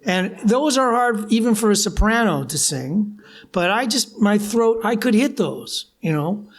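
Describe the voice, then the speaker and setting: An older man spinning road stories on stage before a live crowd at a bar. He talks in an animated way, laughing often as the anecdotes unfold. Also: high voice, unhurried. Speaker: musician guest.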